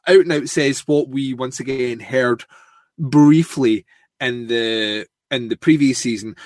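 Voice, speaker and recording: A man's voice: medium pitch, no room sound. A man chats casually as co-host of a TV recap podcast, swearing and joking. He talks in loose, filler-heavy runs. His voice sounds dry and close to the mic. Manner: crude, joking, full of fillers. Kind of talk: casual chat, recapping a TV show.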